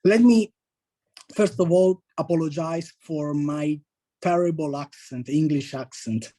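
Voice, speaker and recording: A man of forty-one with a strong Sicilian Italian accent, speaking English as a second language and giving a presentation as a district governor, often halting and correcting himself. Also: a little high, warm tone, low-quality recording. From Sicily, Italy. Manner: halting, with frequent restarts and self-corrections. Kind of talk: presentation to an online meeting.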